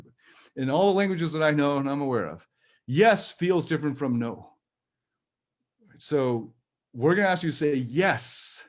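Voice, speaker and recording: A man leading a live-streamed personal growth workshop, talking in a gentle, reassuring and chatty way with light laughs. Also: medium pitch.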